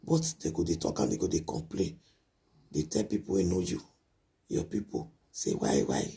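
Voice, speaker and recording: A man's voice: deep voice, wildly swooping pitch, moderate pace, gravelly, mellow, husky. A man giving a repetitive, scolding late-night monologue to his viewers on a live video.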